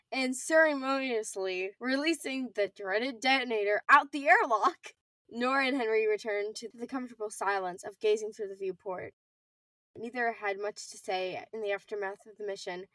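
Teen girl reading her fanfic, highish voice, dry sound, mic kinda far away. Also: fairly bright tone, no echo. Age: teens. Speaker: co-author and narrator. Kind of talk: amateur audiobook narration.

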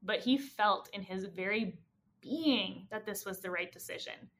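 A woman podcast host retelling a story in a casual, animated way, acting out the quoted lines. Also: mid-range voice, unhurried.

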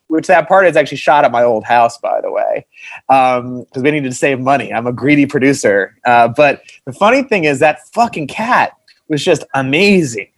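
A male film producer chats in a casual interview, swearing freely and laughing through his stories. His voice sits at an ordinary pitch for a man. The recording is dry, with no room echo. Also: expressive, moderate pace. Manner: laughing, profane storyteller.

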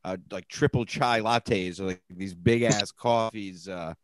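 A man, a guest on a podcast, telling rambling excitable stories in casual banter. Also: lowish voice, a little slow, no echo.

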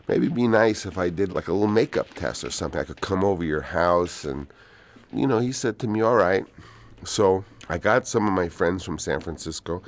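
An older man, a film director, telling rambling anecdotes in a soft, unhurried commentary. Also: sits low.

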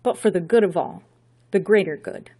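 A woman's voice: medium pitch, moderate pace, dark tone, breathy edge, natural voice. A woman voicing a gaunt, sinister bearded male villain count, speaking in a grandiose, pompous, arrogant manner.

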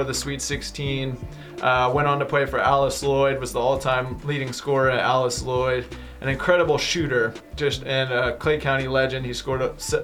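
A man who is an author, a guest in a radio studio, answering interview questions in an earnest, steady storytelling way. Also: mid-range voice.

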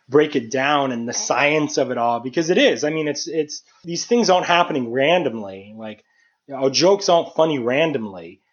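A man's voice: mid-range voice, muffled recording. Analytical comedian man talking shop. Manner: analytical, talks through his craft with many restarts. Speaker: stand-up comedian. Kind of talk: casual chat.

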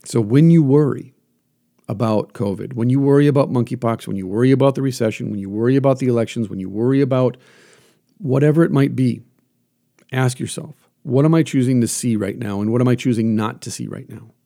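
Man, gravelly, warm low tone, earnest, self-questioning, solo podcast talk. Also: brisk. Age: adult, teaches classes. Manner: earnest, coaching, asks himself questions aloud. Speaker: podcast host.

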